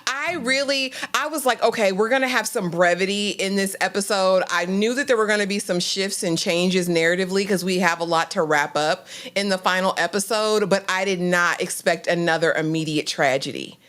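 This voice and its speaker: A woman co-hosting a live stream that recaps a TV drama. She greets viewers by name and talks in an emphatic, animated way. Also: medium pitch, a little fast, hardly any pauses. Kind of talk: casual live-stream chat.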